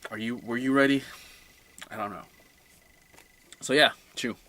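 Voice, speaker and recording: A young man talks through his weekly comic picks in a loose, rambling way, excitable one moment and trailing off quietly the next. His voice is bright and forward. The sound is dry and close, with no room around it. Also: medium pitch, measured pace, no room sound. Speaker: comic book reviewer. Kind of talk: casual solo review vlog.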